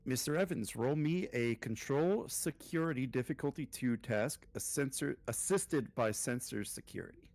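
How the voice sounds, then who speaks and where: A man at a medium pitch runs a tabletop game as game master. He talks in a loose, unhurried way, full of ums and little pauses. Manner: relaxed, lots of ums and filler. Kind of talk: running a tabletop game over voice chat.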